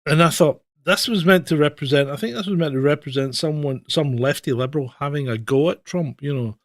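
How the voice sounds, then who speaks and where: This man's voice sits on the high side and moves fairly quickly, captured in a dry recording. Co-hosting a livestream news roundup, he trades casual sarcastic banter, blunt and sweary, laughing at his own jokes.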